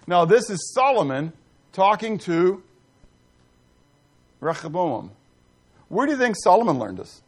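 A man's voice: high voice, sing-song, moderate pace, long pauses. A middle-aged man preaching a sermon, reading scripture and putting questions to the congregation with emphasis. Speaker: pastor.

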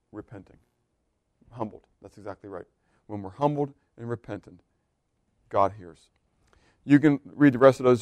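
A man's voice: lowish voice, clean tone. Guy preaching casual-like, lots of "you know", dry close mic, nothing echoey. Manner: conversational, rhetorical questions, laughs. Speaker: pastor. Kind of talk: sermon.

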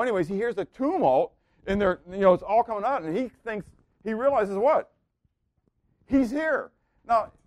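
High-voiced man teaching a Bible class. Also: no echo, clean studio sound. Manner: asks the class questions and waits for answers; swings from loud emphasis to near-murmured asides.

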